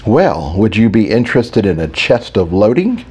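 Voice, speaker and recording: A man's voice: fairly low pitch, sing-song, moderate pace, a little mellow, husky. A man voicing Tyler, a playful flirt. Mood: teasing. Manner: teasing, suggestive.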